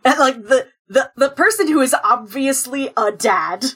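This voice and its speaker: A woman's voice: high-pitched, expressive, a little slow, a bit bright, breathy edge. A woman in casual chat as a player in a tabletop role-play game, rambling with many fillers.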